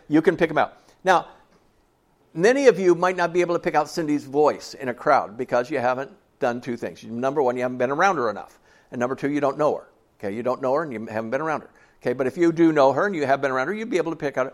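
A man's voice: medium pitch, animated, quick pace. A man in his sixties preaching a sermon to a church congregation in a folksy, conversational way, often asking them questions. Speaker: pastor.

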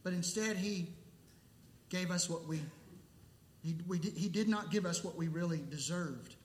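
A man preaching a sermon as pastor, emphatic and deliberate, with pauses. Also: high-pitched, echoey room. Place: church sanctuary.

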